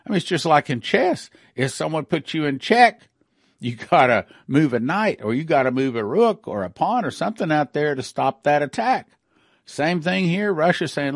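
A man's voice: a little high, animated, moderate pace, no room sound. Emphatic middle-aged man, dry close sound. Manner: emphatic, rereads and repeats points. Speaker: commentator. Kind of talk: prophecy-minded news commentary.

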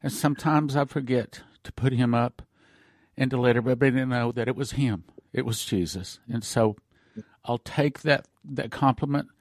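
A man's voice: medium pitch, normal speed, no room sound, studio quality. Earnest male Christian radio host. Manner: earnest, choking up with emotion. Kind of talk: emotional Christian broadcast talk.

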